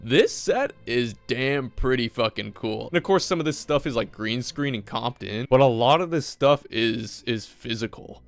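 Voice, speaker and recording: A man's voice: mid-range voice, vocal fry. A man casually recapping a movie with profane, rambling enthusiasm.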